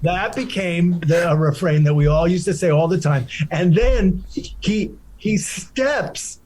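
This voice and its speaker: A middle-aged man, a guest comedian, telling a rambling, animated story in casual podcast chat. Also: high-pitched, unhurried, slight background noise.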